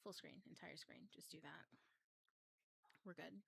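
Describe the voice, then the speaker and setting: A woman's voice: sits low, measured pace, creaky, fairly bright tone, slightly rough. A woman hosting a casual livestream, flustered and chatty. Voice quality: craggly. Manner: flustered, chatty, swears, laughs often. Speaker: host.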